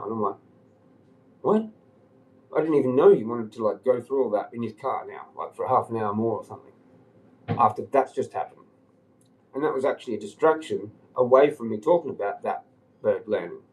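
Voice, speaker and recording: A man's voice: mid-range voice, expressive, brisk, pauses often, darkish tone, poor audio. A man on a livestream telling a long rambling story, agitated and swearing often. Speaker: live streamer.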